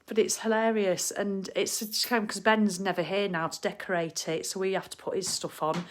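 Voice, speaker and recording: A middle-aged woman from England chats on a live stream from her living room. She is cheerful and blunt, throws in the odd swear word, and laughs easily. Her voice sits at a middle pitch for a woman. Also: steady tone, moderate pace. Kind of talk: casual live chat.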